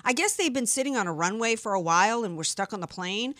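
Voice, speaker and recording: A woman from the American Deep South, hosting a talk radio show with emphatic, opinionated chatter. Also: lively intonation, a bit bright, dry recording. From Deep South of the United States. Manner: emphatic, opinionated, quick asides.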